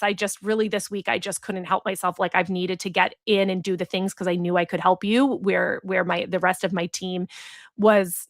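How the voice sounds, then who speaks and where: A woman's voice: lowish voice, flat delivery, normal speed, dry recording, studio quality. A woman hosting a solo podcast, telling a story in an earnest, reflective way and acting out the voices she quotes. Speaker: podcast host and business coach.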